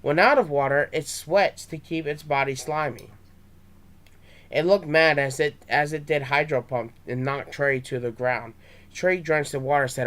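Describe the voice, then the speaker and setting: Young man, slightly high voice, amateur story reading, small stumbles. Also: unhurried, a bit bright. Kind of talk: reading his own fan story aloud.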